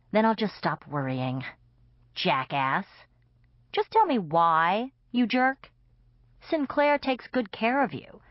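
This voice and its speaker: A woman's voice: mid-range voice, no room sound, voice pushed up, lightly acted. A woman voicing a sarcastic, indignant young woman vampire in an audiobook. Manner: snarky, exasperated. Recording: dull, dry audiobook recording.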